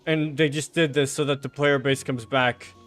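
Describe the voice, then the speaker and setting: A man streaming a game, giving casual commentary with sarcastic remarks, frequent swearing and excitable outbursts. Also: medium pitch, moderate pace, faint music behind.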